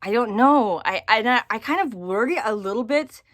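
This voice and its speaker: Halting, soft-spoken woman vlogger. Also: a little high, expressive, no echo, studio quality. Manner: halting, repeats words, trails off. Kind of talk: casual personal vlog.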